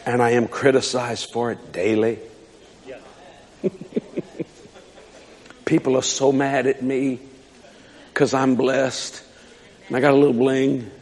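A man preaching a sermon in a church hall, fiery and emphatic, shouting and repeating his lines. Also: medium pitch, little pitch movement, slow, pauses often. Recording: long hall reverb.

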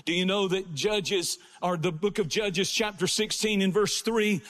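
A man preaching a sermon, swinging between fervent, rising exhortation and slow, low storytelling. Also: fairly even intonation. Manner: rising to impassioned shouting, then slowing to low storytelling.

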